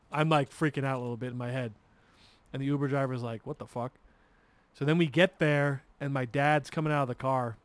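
A man with a medium-pitched voice, recorded without echo, tells a long story while gaming. This streamer rambles, swears freely, and restarts his sentences a lot.

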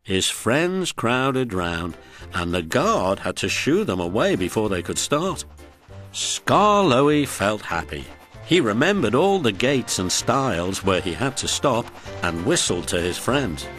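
A man narrating a children's story, slow and expressive. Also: lowish voice, faint music behind.

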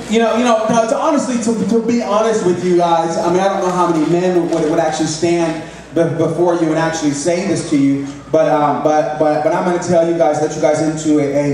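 A male pastor preaching a conversational sermon in a church, halting often with restarts and fillers. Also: on the high side, darkish tone. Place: church sanctuary. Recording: very echoey room, mic at a distance.

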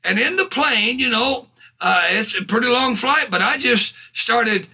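A man's voice: very high-pitched, lively intonation, a little slow, gravelly, pushed and bright, slightly rough. A male preacher delivering a fervent sermon, often breaking into hallelujahs and bursts of laughter.

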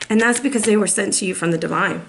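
A woman's voice: medium pitch, fast, gravelly, a little hiss or hum. A woman giving a casual, encouraging tarot reading to her viewers, close to tears and calling them baby. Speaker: tarot reader.

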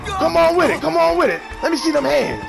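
This gamer streamer's voice is extremely high, gravelly, sing-song, and brisk. Playing a horror video game over loud game music, he keeps up a constant stream of taunts, curses, and mock threats at the other players.

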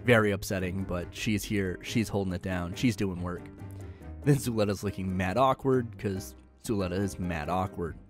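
A man's voice: low-pitched, moderate pace, faint music behind. A man giving a casual episode recap, joking, slangy and full of sarcastic asides. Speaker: anime recap host.

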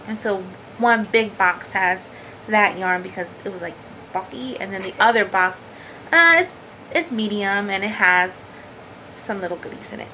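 A woman hosts a crafting vlog from home, chatting to the camera in a rambling way, laughing often and saying "like" a lot. Her medium-pitched voice is pushed and bright at normal speed, on a rough recording with slight background noise.

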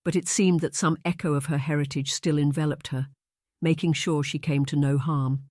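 A man narrates a romance audiobook in a measured, even reading. His voice sits fairly high for a man, and the recording is dry and close. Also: no room sound. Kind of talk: scripted narration.

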